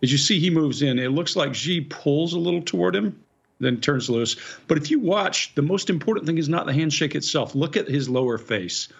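A man, a body language expert, briskly explaining facial expressions on a news segment. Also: on the high side, vocal fry, breathy edge. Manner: explains briskly, points out details. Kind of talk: analytical commentary on video. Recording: dull lo-fi remote audio.

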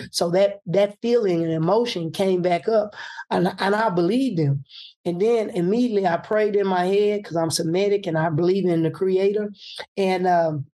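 A man, a political candidate telling a personal story in an animated way and acting out the voices he quotes. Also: high voice.

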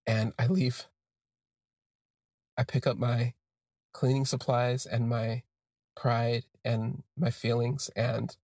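A man telling a personal story in an expressive, self-deprecating way, drifting into asides. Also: medium pitch, slow pace, pauses often, no echo, studio quality. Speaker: podcast storyteller.

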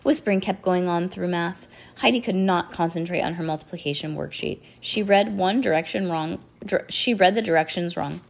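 A woman's voice: lowish voice, moderate pace, creaky. A young woman reading a children's chapter book aloud at home, voicing the characters and stopping to chat with her child. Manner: animated, breaks off to chat and laugh. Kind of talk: storybook read-aloud to a child.

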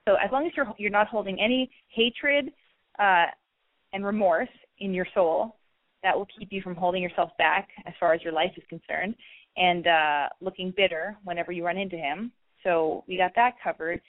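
Woman call-in host, mid pitch, brash comic advice, dry lo-fi sound. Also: normal speed, dry recording. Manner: brash, joking, acts out scenes.

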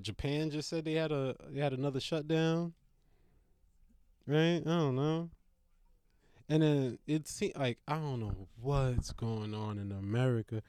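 A comedian delivering a profane, rambling rant to camera, often stammering and restarting, and loudly cussing out a barking dog. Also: mid-range voice, clear, resonant tone, no echo, clean studio sound. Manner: loud profanity-laced scolding, stammering restarts.

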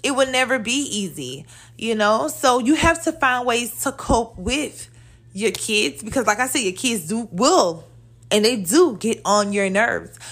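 A woman in her thirties hosting a solo podcast, talking candidly and in a chatty, animated way. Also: on the high side, unhurried. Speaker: podcast host. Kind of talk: casual solo podcast talk.

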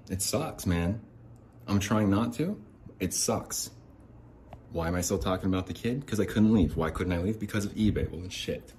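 A man hosting a podcast, ranting in exasperation, swearing and swinging between low mutters and sharp outbursts. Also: moderate pace, long pauses, a little hiss or hum. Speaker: podcast host. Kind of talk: angry ranting monologue. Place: home near a window.

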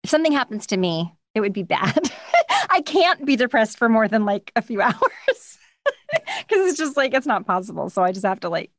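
A woman chatting as a guest in an interview, recorded from her home studio, telling animated stories and acting out the voices of the people she quotes. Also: fairly high pitch, normal speed, no room sound. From United States. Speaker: guest voice actor. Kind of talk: casual interview chat. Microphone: studio microphone.

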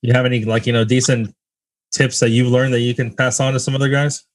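A man's voice: medium pitch, level tone, no room sound. A man co-hosting a podcast, talking casually and asking his guest questions. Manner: quick, casual, asks questions. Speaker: podcast co-host.

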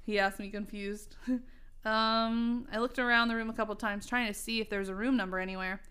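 A woman's voice: a little high, steady tone, brisk, a bit bright, smooth. A woman in her thirties reading her old teen story aloud, breaking into laughter and self-mocking asides. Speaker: reader.

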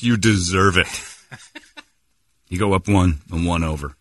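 A man's voice: low-pitched, a little slow, no echo. A man hosting a morning radio show, telling stories in casual banter and slipping into mock accents. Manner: animated storyteller, slips into mock accents.

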